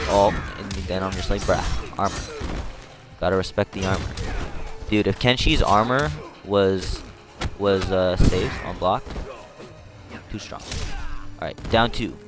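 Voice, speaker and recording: A male streamer giving casual live commentary on replays, slangy and excitable, jumping to shouts at tense moments. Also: low voice, takes it slowly, long pauses. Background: music.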